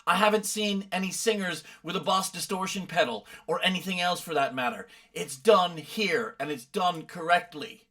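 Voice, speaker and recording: A man's voice: high voice, moderate pace, few pauses, fairly bright tone. A middle-aged man from the UK, a vocal coach commenting on other coaches' videos with emphatic, exasperated explanations. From United Kingdom.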